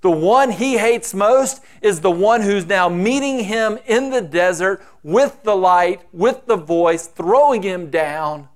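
A man's voice: sits high, animated, slow pace, hardly any pauses. A man preaching a sermon, acting out the quoted voices with dramatic shifts. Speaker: pastor.

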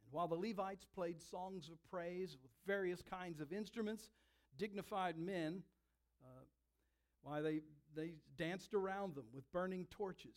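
A man preaching a sermon, telling a scene with dramatic, emphatic delivery and slowed, stressed words. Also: sits high.

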